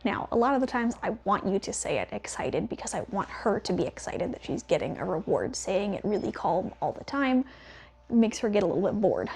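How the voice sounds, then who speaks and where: Breathy woman dog trainer, calm and steady. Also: mid-range voice. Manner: calm, steady, softly praising with quiet whispers. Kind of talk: training demonstration with explanation.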